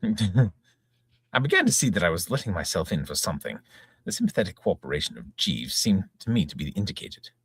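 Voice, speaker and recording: A man's voice: low voice, sing-song, brisk, breathy edge, dry recording, studio quality. A man reading a comic novel aloud in breezy first-person narration, chuckling along. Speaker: reader, channel host.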